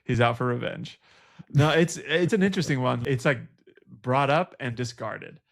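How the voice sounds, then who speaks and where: A man with a gravelly, creaky voice co-hosting a book podcast. He is playful and laughs often as he riffs on jokes. The sound is dry and close to the mic, with no room echo. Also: mid-range voice, moderate pace. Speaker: podcast co-host. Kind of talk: casual book club chat.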